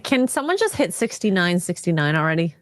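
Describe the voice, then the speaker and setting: A woman's voice: fairly low pitch, big pitch swings, brisk, no echo, clean studio sound. A woman co-hosting a casual livestream chat, laughing often and throwing in teasing quips.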